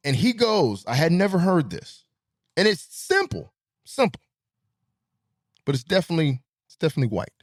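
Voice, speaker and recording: A man's voice: fairly high pitch, sing-song, moderate pace, long pauses. A man hosting a podcast, telling stories in a casual, rambling monologue and laughing at his own jokes. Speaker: podcast host.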